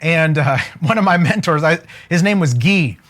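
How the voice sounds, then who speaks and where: A man coaching on wealth during a live stream, energetic and casual, joking and preacher-like as he keeps asking viewers to comment. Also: on the high side, moderate pace.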